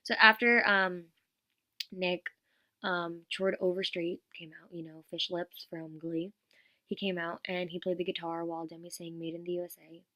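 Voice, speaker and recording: A woman's voice: lowish voice, flat delivery, moderate pace, bright, forceful tone, dry recording. A teenage girl vlogging about a concert in a gushing, rambling way, full of "like" fillers, sometimes dropping to a whisper. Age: teens. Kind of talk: casual vlog chat.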